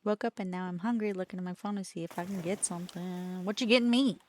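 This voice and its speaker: A woman's voice: fairly low pitch, fast talker, darkish tone, a little hiss or hum. A woman streaming as a VTuber, chatting casually and playfully with her viewers in a teasing, talkative way.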